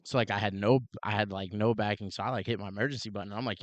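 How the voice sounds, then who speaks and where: A man with a fairly low voice tells a story on a podcast in a loose, animated way. He keeps saying "like" and "dude" and acts out what people said. The sound is dry and close. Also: very fast, few pauses, dry recording. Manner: animated, heavy use of "like" and "dude", acts out quotes. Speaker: podcast co-host, police officer. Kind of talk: casual storytelling chat.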